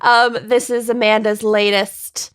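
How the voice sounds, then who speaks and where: A woman's voice: fairly high pitch, little pitch movement, unhurried, smooth. A woman co-hosting a podcast, chatting in a laid-back, agreeable way. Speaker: podcast co-host. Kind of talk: casual chat.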